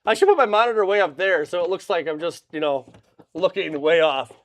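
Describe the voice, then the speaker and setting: A man's voice: sits high, expressive, brisk, dry recording. A man hosting a live stream from his small hobby shop, running through new products in a casual, hype-filled way with goofy jokes on the side. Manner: upbeat and hype-driven, with goofy joking asides. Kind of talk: casual livestream product rundown. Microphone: camera mic, facing a monitor.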